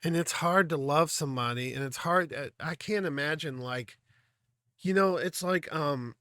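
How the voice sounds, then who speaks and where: A man hosting a music reaction video, talking in an earnest, halting, reflective way, full of fillers and clearly emotional. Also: fairly high pitch, a bit bright, no room sound, clean studio sound. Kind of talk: casual reaction commentary.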